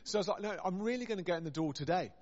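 Male vicar, anecdotal sermon, wry self-deprecating humor, slightly high voice, long hall echo. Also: expressive, racing, darkish tone. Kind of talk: storytelling sermon. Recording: dull sound with long hall reverb. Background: long reverb.

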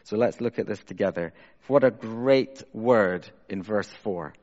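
Give me an earnest male preacher with a low voice, recorded dull and lo-fi in a big reverberant hall. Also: a little slow. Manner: earnest, shifts between raised emphasis and soft, hushed reflection. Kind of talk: sermon.

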